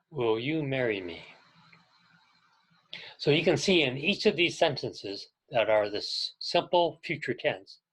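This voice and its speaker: A man gives a careful English grammar lesson to adult learners. He talks slowly and deliberately, in a middle-pitched voice. He pauses between short phrases and invites the class to repeat each example after him. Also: a bit bright, husky, rough recording. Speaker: ESL teacher. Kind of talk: slow, clear classroom instruction with repeat-after-me drills.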